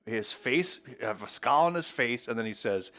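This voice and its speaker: A man's voice: mid-range voice, animated, moderate pace, fairly bright tone. A man hosting his own channel, giving a casual, rambling movie review and acting out quotes in mock voices. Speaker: host.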